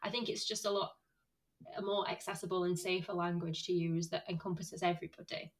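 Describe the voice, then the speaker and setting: A woman's voice: lowish voice, level tone, rough recording. A woman with a Northern English accent chats on a podcast. She is giddy and bubbly and keeps breaking into giggles. Her talk is loose and friendly. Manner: giggly, bubbly, quick to laugh. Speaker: podcast co-host. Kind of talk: casual chat.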